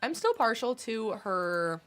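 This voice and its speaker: A woman's voice: fairly high pitch, big pitch swings, slow pace, a bit bright, slight background noise. A young woman streaming a game, chatting casually and answering her chat, with a stuffy nose. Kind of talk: casual chat while gaming.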